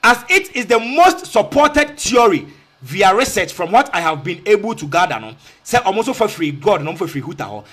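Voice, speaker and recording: Animated high-voiced Ghanaian man. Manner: repetitive, rhetorical questions, mixes in Twi phrases. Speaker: online commentator. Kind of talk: casual spoken rebuttal video.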